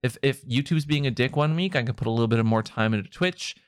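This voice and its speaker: A man co-hosting a casual chat, playful and teasing, quick to crack jokes. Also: mid-range voice, clean tone, no echo, studio quality. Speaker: podcast co-host and online content creator.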